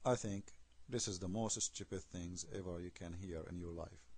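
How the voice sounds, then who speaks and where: A man's voice: deep voice, fairly even intonation, moderate pace, a little mellow, husky, dry recording. A man giving an argumentative video commentary, emphatic and scornful, firing off rhetorical questions in non-native English. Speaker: online commentator.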